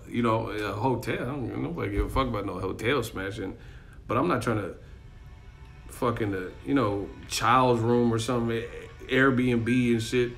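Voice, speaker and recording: A man's voice: medium pitch, normal speed, vocal fry, fairly bright tone, faint music behind. A man chatting casually on a live stream, rambling, swearing and laughing often, talking to his chat. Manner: rambling, profane, laughs a lot, acts out voices. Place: in Miami.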